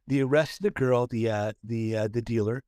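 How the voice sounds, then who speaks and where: A man's voice: mid-range voice, steady tone, normal speed, a little mellow, smooth, no echo, studio quality. A man from Southern California co-hosting a casual podcast, telling a story with many fillers and restarts. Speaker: podcast co-host. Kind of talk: casual chat.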